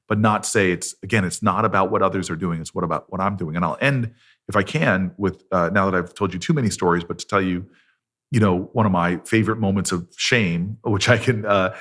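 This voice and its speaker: This is a middle-aged man's low, slightly bright voice. He's a senator on a podcast, earnestly and self-deprecatingly telling a personal story in a conversational way.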